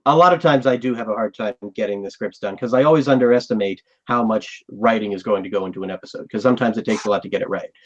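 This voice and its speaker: A man's voice: fairly low pitch, fast talker, few pauses, dull audio. A man hosting a live podcast chat, talking casually and thoughtfully. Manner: thoughtful, rambling with fillers. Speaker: podcast host.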